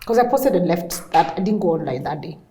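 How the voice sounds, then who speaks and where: An outspoken woman with a Kenyan accent talks candidly as an interview guest, slipping between English and Swahili. Her voice is dark and mellow, and the recording carries a noticeable echo from the room. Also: fairly low pitch, lively intonation, a little fast, slight background noise. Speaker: guest, former radio host.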